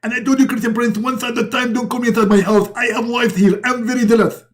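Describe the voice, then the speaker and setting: A man voicing a jealous, frantic male prophet who begs for forgiveness in a high, shrill voice. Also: fairly even intonation. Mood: irritated. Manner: shrill, pleading, hurried.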